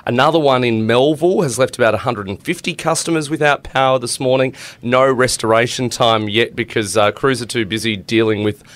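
A man's voice: mid-range voice, brisk, few pauses, fairly bright tone. An Australian man presenting the news on breakfast radio, chatty and loose with plenty of ums and uhs between items. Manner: reads news casually with filler words and banter.

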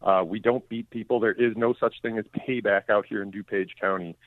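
A man's voice: fairly low pitch, fairly even intonation, brisk, no echo. A man, a county sheriff speaking firmly and plainly as a guest in a radio interview. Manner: firm, plainspoken, repeats words when emphatic. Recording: tinny phone line.

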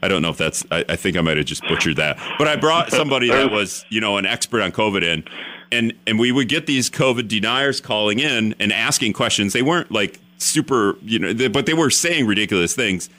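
A man's voice: lowish voice, lively intonation, fairly quick, sharp tone. A man hosting a radio talk show, rambling and self-deprecating with many restarts.

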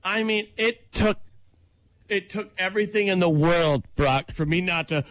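A man's voice: high-pitched, unhurried, smooth, dry recording. A man casually telling a funny story on a podcast, laughing as he goes. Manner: animated storyteller, laughs through his story. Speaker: podcast co-host.

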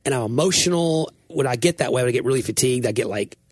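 A man's voice: mid-range voice, slightly rough, dry recording, clean studio sound. A man who is a pastor and podcast host, chatting casually and telling stories with quoted dialogue while worn out from illness. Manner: fast, animated storytelling with quoted dialogue. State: fatigued, recovering from shingles.

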